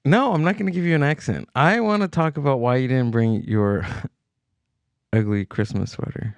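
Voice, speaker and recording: A man's voice: medium pitch, normal speed, clear, resonant tone, no room sound. A man co-hosting a comedy podcast, talking in an easygoing, rambling way and laughing often. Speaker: podcast co-host. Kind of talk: casual comedic banter.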